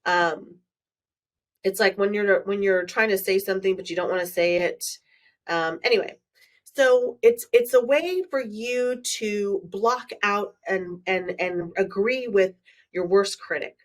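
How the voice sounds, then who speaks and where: A woman's voice: medium pitch, unhurried, far from the mic. Woman coach hosting a solo podcast, blunt and frank, a little off-mic. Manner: frank, blunt, swears freely. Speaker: manifestation coach, podcast host.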